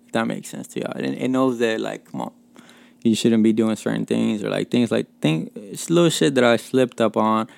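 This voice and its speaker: A man from Mexico tells stories on his own podcast, with a gravelly, creaky edge on a smooth, full voice. His talk is loose and profane, packed with fillers and small laughs. The sound is close and dry, with no room around it. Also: medium pitch, moderate pace, a little mellow, dry recording. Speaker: podcast host. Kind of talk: casual storytelling podcast.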